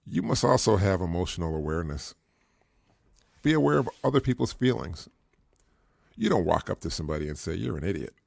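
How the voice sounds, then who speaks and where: Middle-aged male podcast host, low gravelly voice, earnest and repetitive, faint music bed. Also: very animated, brisk, pauses often, darkish tone, no room sound. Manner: earnest, repetitive, chuckles at his own points. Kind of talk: casual advice monologue.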